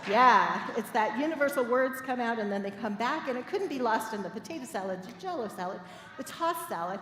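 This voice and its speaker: A middle-aged woman minister preaching a sermon, telling personal stories in a lively, playful way and laughing with the congregation. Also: fairly high pitch, moderate pace. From Midwest United States. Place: church sanctuary. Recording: echoey hall with faint room noise.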